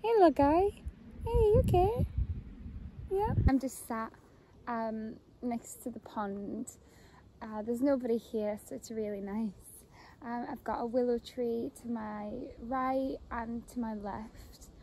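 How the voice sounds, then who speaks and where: A woman's voice: fairly high pitch, steady tone, slow, warm tone, a little hiss or hum, low-quality recording. A young woman vlogging outdoors on her phone by a pond, dreamy and delighted, laughing often. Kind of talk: casual outdoor vlog. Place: outdoors by a pond in abbey grounds.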